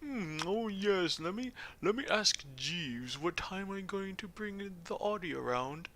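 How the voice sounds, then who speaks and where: A man's voice: sits high, expressive, measured pace, a bit bright, voice pushed up, full character voice. A streamer putting on a haughty upper-class British man, drawling and humming with disdain. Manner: snooty, drawling, humming "hmm".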